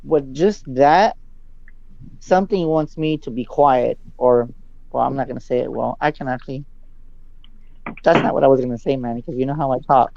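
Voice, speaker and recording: A male psychic giving a dramatic live reading over a video call. He often drops into low, hushed asides. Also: normal speed, creaky, long pauses, dry recording, lo-fi sound.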